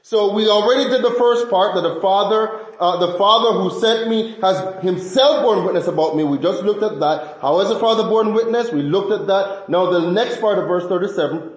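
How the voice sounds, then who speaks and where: A man preaching a sermon as pastor, emphatic and animated, often restarting phrases. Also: high voice, moderate pace, hardly any pauses, echoey room, rough recording.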